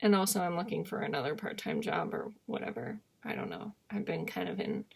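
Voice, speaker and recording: Young woman, vlogger, candid rambling monologue, gravelly fry, trails off quietly. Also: low-pitched, wildly swooping pitch, fairly quick. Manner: candid, self-deprecating, trails off into murmurs.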